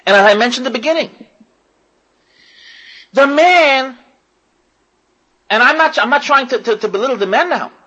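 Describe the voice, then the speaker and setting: A woman's voice: high-pitched, expressive, moderate pace, pauses often, sharp tone, breathy edge, rough recording. A woman giving an impassioned religious lecture to women, repeating phrases and putting questions to her listeners. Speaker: religious teacher.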